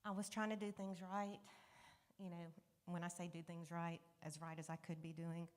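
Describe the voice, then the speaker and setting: A woman speaks candidly to a congregation, telling her own story in a conversational way. Her voice sits on the low side, and at hard moments it sinks almost to a whisper. The church hall adds a long, ringing reverb. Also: flat delivery, normal speed, a little mellow. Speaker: guest speaker sharing a testimony. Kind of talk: personal testimony to a congregation. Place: church sanctuary.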